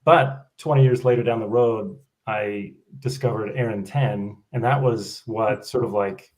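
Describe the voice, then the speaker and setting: A man, a whisky reviewer, recounting in a relaxed, rambling way over a video call. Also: on the low side, measured pace, rough recording. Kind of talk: casual chat.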